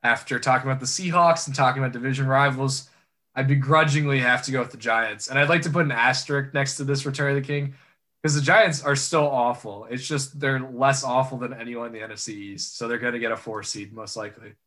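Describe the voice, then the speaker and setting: Young male co-host, bright forceful tone, wry joking delivery, casual sports talk. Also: medium pitch, steady tone, a little fast. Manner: joking, sarcastic, laughs often.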